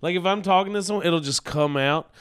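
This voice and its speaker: A man's voice: sits high, fairly quick, fairly bright tone, clear, resonant tone. A man guesting on a comedy podcast, chatting playfully and laughing often. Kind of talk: casual comedian podcast chat.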